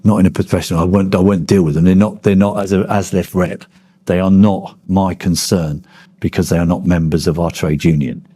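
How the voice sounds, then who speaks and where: A man's voice: low-pitched, steady tone, brisk, dark tone, breathy edge. A man, a former miner giving a blunt oral history interview, swearing freely as he tells his stories. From Kent, England.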